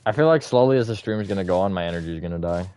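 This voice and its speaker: A man livestreaming a building game, rambling as he thinks aloud and swinging between flat, disappointed-sounding talk and bursts of energy. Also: sits low, rapid-fire, clean tone. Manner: rambling, thinks aloud with fillers and self-corrections. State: short on sleep. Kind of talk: casual livestream chat while gaming.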